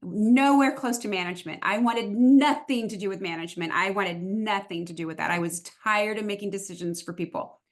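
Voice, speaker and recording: A woman who retired from police work, hosting an interview and telling stories in a loud, lively voice. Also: medium pitch, a little fast, hardly any pauses. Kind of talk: casual interview talk.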